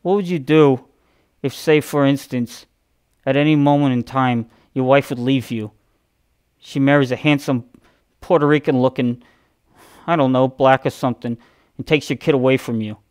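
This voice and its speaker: A man's voice: medium pitch, steady tone, normal speed, long pauses, darkish tone, clear, resonant tone, natural voice. A man voicing an awkward, lisping male comic creator who hosts dramatic intros with urgent rhetorical questions. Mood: melodramatic. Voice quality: lisp. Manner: melodramatic announcer cadence with urgent rhetorical questions. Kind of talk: mock TV-intro impression.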